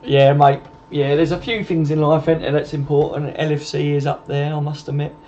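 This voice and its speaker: A man's voice: on the high side, level tone, normal speed, dark tone, slight background noise. A man with a chatty, laddish manner, hosting a casual live stream and replying to viewers' comments. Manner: laddish, chatty, swears, laughs often, reads out comments. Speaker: live-stream host answering chat. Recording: dull lo-fi stream audio.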